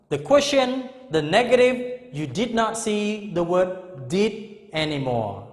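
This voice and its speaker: Lively, high-voiced male teacher. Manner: repeats example sentences slowly, checks in with "Okay?" and "Understand?". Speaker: English teacher. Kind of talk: classroom grammar lesson. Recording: echoey room with long reverb.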